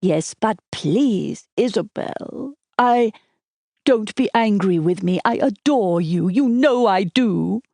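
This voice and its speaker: A woman's voice: medium pitch, expressive, slow pace, warm tone, no room sound, pitched above the performer's own voice. A woman voicing a sulky, lovesick young man who whines and pleads. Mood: pleading. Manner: whining and pleading.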